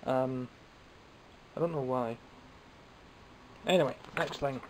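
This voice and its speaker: A man's voice: mid-range voice, slow pace, background noise. A man with a Scottish accent, chatting casually and self-mockingly while showing off toys he bought. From Scotland. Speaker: toy collector vlogger. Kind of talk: casual show-and-tell vlog.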